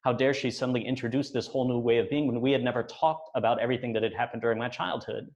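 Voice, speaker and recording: A man in his forties telling a personal story on stage, measured with deadpan asides. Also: medium pitch, lo-fi sound. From United States.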